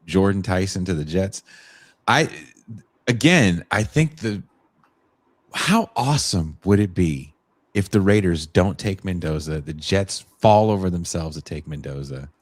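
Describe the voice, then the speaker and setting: A man's voice: sits low, expressive, a little slow, dry recording. A man from the Bay Area co-hosting a podcast, rambling in a laid-back, profane way. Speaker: podcast co-host. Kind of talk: casual chat.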